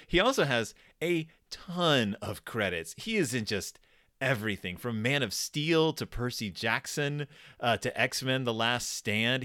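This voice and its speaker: A man's voice: mid-range voice, pushed and bright, no echo, clean studio sound. A man co-hosting a casual podcast chat, rambling with laughs and restarts. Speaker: podcast co-host. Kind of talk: casual chat reviewing a horror episode.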